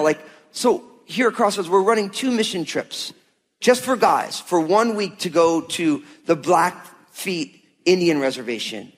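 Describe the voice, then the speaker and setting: A man preaching a sermon to his church in a conversational, emphatic way, often acting out quoted voices. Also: a little high. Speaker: pastor. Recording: long hall reverb.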